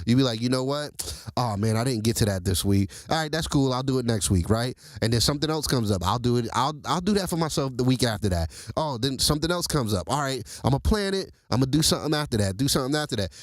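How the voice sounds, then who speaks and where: A man hosting a casual motivational talk, who speaks straight to his listeners in a lively, preachy way. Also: medium pitch, dry recording. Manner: animated, preachy, addresses listeners directly as y'all. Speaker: host.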